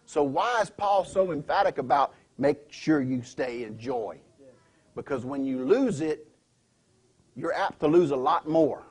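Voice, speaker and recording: Man preaching, emphatic, quizzes the pews; husky voice. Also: fairly high pitch, animated, measured pace. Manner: emphatic, asks the congregation questions. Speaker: pastor. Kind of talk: sermon. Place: church sanctuary.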